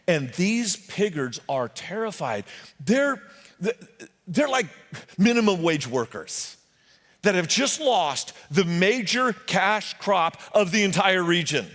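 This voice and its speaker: A man preaching a sermon as a pastor, telling the story in an animated way with jokes and voices for the characters. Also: on the high side. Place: church sanctuary. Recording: long hall reverb.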